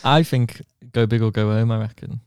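A man's voice: fairly low pitch, fairly even intonation, moderate pace, a little mellow, clean tone. A man co-hosting a podcast, chatting casually with short, easygoing replies. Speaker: podcast co-host. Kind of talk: casual chat.

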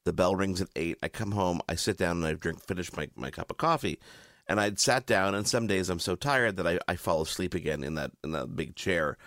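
A man's voice: low-pitched, a little fast, fairly bright tone, no echo, clean studio sound. A man on a podcast telling a funny story in casual chat, acting out his own panic. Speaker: podcast co-host.

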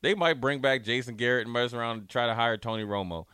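A man's voice: mid-range voice, quick pace, sharp tone, clean tone, no room sound, studio quality. A man talking sports in a playful, riffing debate, spinning out game scenarios. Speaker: sports talk host.

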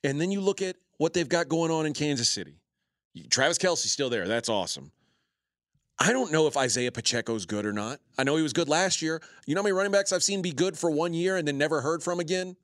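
A male sports talk host argues his betting picks in an emphatic, chatty way. His voice sits a little high for a man. The studio sound is dry and close. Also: expressive, fast talker, a bit bright, no echo. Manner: opinionated, emphatic.

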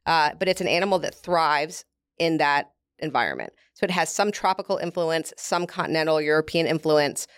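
A woman's voice: low-pitched, moderate pace, clean tone, dry recording. A woman, a beef company representative, explaining at length in a casual interview, with frequent fillers.

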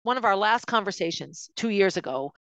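A woman's voice: medium pitch, expressive, a little fast, fairly bright tone, dry recording. Woman host, personal storytelling monologue, emotional and confiding, dry close sound. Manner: emotional, confiding, with frequent restarts. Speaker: podcast host recounting her own life.

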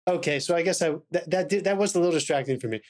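A man's voice: a little high, very fast, darkish tone. A man co-hosting a podcast, talking in a tentative, hedging way as he thinks aloud in casual chat. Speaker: podcast co-host.

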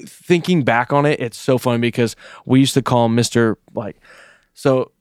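A young man co-hosting a casual podcast. He tells a loose, rambling story full of swearing. His voice sits in a middle pitch and sounds dry and close to the mic. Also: normal speed, darkish tone, smooth, dry recording. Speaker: podcast co-host.

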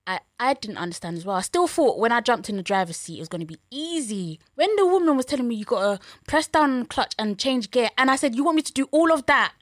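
A woman's voice: on the high side, sing-song, fast talker, hardly any pauses, no echo, clean studio sound. Sleepy young woman chatting. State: tired, drowsy. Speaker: podcast co-host. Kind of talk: casual chat.

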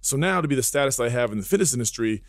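A man's voice: medium pitch, lively intonation, very fast, dry recording, studio quality. A man who is a podcast guest and fitness entrepreneur, talking in a blunt, joking way with plenty of asides in casual chat.

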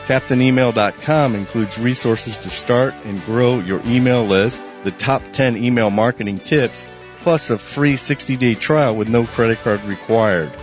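A man reading an upbeat radio advertisement as the head of a radio network. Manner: upbeat pitchman delivery. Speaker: radio network founder doing ads. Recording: dull, slightly lo-fi radio audio with faint music.

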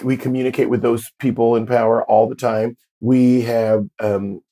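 A man's voice: medium pitch, normal speed. A man in his fifties, a drag performer, telling stories in a casual interview and acting out the voices of the people he quotes. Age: 50s. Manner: animated storyteller, acts out quoted voices.

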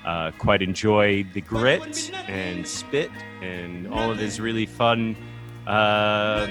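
A man with a fairly low voice hosts a podcast in a loose, joking manner. Soft music plays faintly in the background. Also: big pitch swings, takes it slowly. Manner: laid-back, jokey. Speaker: podcast host. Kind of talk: casual podcast chat.

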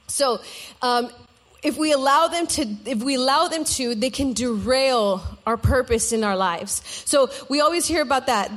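Guest preacher, young woman, high voice, chatty and personal, talks straight to the congregation. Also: a bit bright. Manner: conversational, personal storytelling with laughter and asides to the congregation. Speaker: guest speaker. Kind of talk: sermon.

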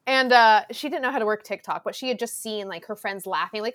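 A woman in her twenties tells family stories as a podcast guest, her voice sitting high. She is animated and laughs often, slipping into the voices of the people she quotes. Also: quick pace, hardly any pauses. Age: 20s. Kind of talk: casual storytelling chat.

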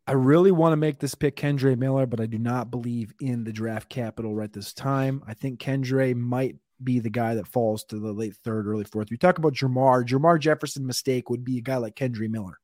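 A man's voice: medium pitch, fairly quick, hardly any pauses, a little mellow, dry recording, clean studio sound. A man co-hosting a fantasy football draft show, talking through picks in a rambling, casual way, sometimes stuttering on names. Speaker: podcast co-host.

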